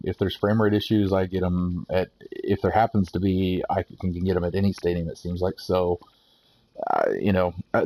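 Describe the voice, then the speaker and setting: A man's voice: deep voice, warm tone, low-quality recording. A man casually reading out game update notes and giving his take, rambling with lots of fillers and restarts. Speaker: gaming YouTuber.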